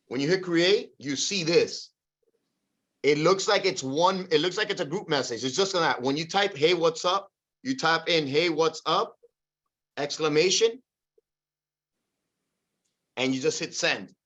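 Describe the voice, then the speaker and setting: This man's fairly high voice comes through a muffled recording as he leads a real estate sales meeting by video. Full of energy, he calls on his team by name and pushes them to keep at it.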